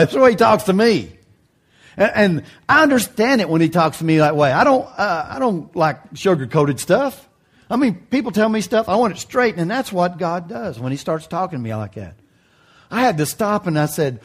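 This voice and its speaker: A man pastor preaching a sermon in a folksy, joking way, his voice jumping high for emphasis. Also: animated, a little fast.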